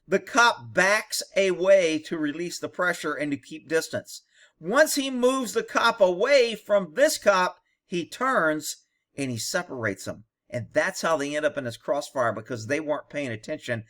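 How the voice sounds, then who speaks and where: Blunt, sarcastic higher-voiced man. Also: lively intonation, unhurried, fairly bright tone. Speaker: commentator on police videos. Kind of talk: video commentary.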